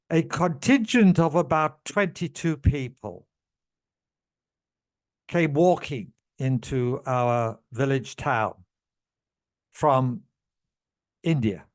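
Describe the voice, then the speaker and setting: A man telling a personal story to camera in a halting way, with many pauses and restarts, moved as he speaks. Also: mid-range voice. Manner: slow, halting, with many fillers and restarts, growing emotional. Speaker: channel host telling a past-life story.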